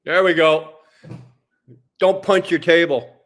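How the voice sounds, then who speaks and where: Man, from Canada, high-pitched, heated, cursing, repetitive livestream rant. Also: steady tone, slow pace, fairly bright tone. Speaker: streamer.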